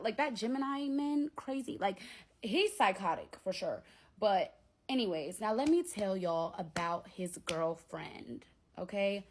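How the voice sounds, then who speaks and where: A woman hosting a storytime vlog at home, telling her story in an animated, profane, slangy way straight to her viewers. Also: on the high side, measured pace. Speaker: vlog host.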